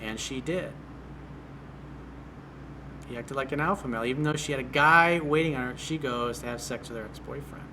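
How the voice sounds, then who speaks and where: A man's voice: medium pitch, moderate pace, long pauses, background noise. A man working as a dating coach, reading out and answering a viewer's email in a blunt, direct way.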